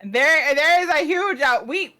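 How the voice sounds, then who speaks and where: A woman's voice: high voice, unhurried. A woman guest on a stream who chimes in with shrieks and laughing asides. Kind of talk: casual chat on stream. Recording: loud background noise.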